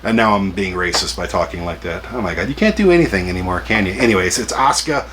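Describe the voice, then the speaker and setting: A man's voice: deep voice, animated, fast talker, noisy background. A man in his forties hosting a collecting vlog, chatty and jokey with self-deprecating asides. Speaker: collector vlogger. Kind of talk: casual rambling vlog.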